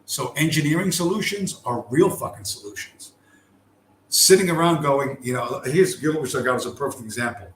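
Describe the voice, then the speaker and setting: A man's voice: medium pitch, moderate pace. A man delivering a profane, emphatic ranting monologue, hammering his points with repetition and swearing. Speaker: show host. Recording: roomy with faint background noise.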